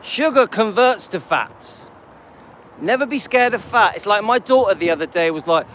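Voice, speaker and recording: A man's voice: high-pitched, lively intonation, moderate pace, fairly bright tone, slight background noise, low-quality recording. A man in his late fifties chatting casually on a livestream while walking his dog, rambling and talking to viewers by name. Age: 50s. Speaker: livestream host.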